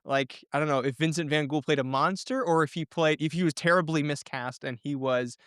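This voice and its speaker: A man's voice: a little high, fairly quick, fairly bright tone, smooth, no room sound, clean studio sound. A man co-hosting a casual podcast, eagerly thinking aloud while planning a story with friends. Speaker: podcast co-host.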